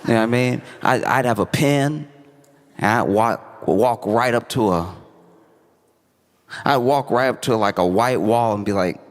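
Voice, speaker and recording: A man's voice: medium pitch, a little slow, big-room sound. A man telling a stand-up story in a laid-back, wry way, laughing at his own jokes. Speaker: stand-up comedian.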